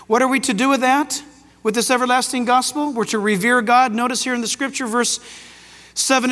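A man preaching a sermon emphatically, swinging between loud declarations and quiet asides. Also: sits high. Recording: long hall reverb.

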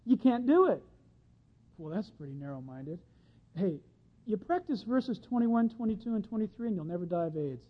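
A man preaching a sermon in a folksy, animated way, acting out little voices of the people in his stories. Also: sits high, fairly quick. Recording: dull lo-fi sound.

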